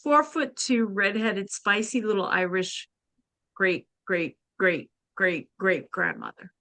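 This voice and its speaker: Woman on a podcast telling her story slow and earnest, kinda halting, bright tone. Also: medium pitch, no room sound. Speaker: guest, spiritual practitioner. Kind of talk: personal storytelling in a podcast interview.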